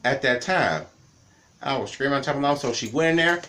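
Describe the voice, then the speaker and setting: A man in his thirties tells childhood stories in a loose, casual way, circling back and restarting his sentences as he goes. His voice sits at an ordinary, middle pitch. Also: animated, a little fast, pushed and bright, a little hiss or hum. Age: 30s. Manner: rambling, repetitive, with many restarts. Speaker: vlogger. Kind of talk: casual storytelling.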